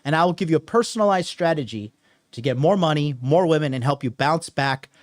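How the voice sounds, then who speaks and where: A man's voice: fairly high pitch, animated, a little fast. A young adult man giving a solo advice talk as a dating coach, profane and emphatic, repeating points over and over.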